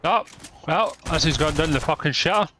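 A man's voice: fairly high pitch, brisk, noisy background. A man giving angry, swearing commentary while playing a shooter game. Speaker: gamer. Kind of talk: gameplay commentary.

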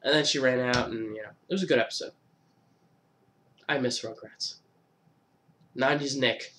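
A man's voice: medium pitch, moderate pace, fairly bright tone, a little hiss or hum. A man in his twenties talking casually in a countdown vlog, loose and joking, with swearing and laughs at himself. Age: 20s. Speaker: YouTuber.

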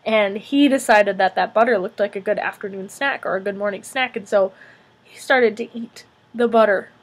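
A woman music teacher telling a children's story in a gentle, expressive way, checking in with her young listeners. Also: mid-range voice, moderate pace.

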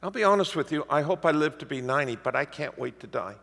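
A man preaching a sermon as the pastor, telling stories in a lively, animated way. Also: on the high side, fast talker, vocal fry. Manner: lively storytelling preacher, animated swings in loudness. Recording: reverberant hall.

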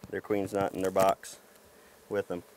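Excited man with a low voice, outdoors. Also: measured pace, a little hiss or hum. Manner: excited, folksy, talks to camera while handling hives. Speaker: beekeeper vlogger. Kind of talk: casual outdoor narration while working. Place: outdoors at beehives. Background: buzzing bees.

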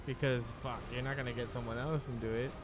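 A man's voice: medium pitch, fast talker. Chatty young man with a noisy background. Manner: chatty, excitable, swears. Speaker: co-host. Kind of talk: casual let's-play chat.

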